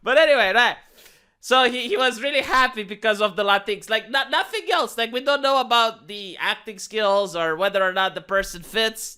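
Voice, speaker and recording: A man's voice: extremely high pitch, moderate pace, sharp tone, smooth. A man ranting in a sarcastic, mocking commentary vlog. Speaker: commentary vlogger.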